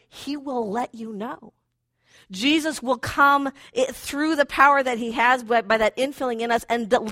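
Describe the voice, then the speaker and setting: A woman with a fairly high voice delivers a chatty, conversational sermon. She slips playfully into the voices of thoughts and feelings as she goes, and the recording is dry and close. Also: bright, forceful tone, no room sound. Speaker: preacher.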